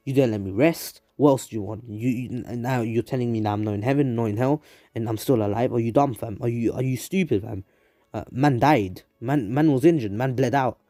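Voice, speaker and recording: A man's voice: lowish voice, lively intonation, measured pace, long pauses, a little mellow, breathy edge, no room sound, clean studio sound. A man voicing a teenage ninja boy who speaks in blunt street slang, swinging between dazed and fed up. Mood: exasperated.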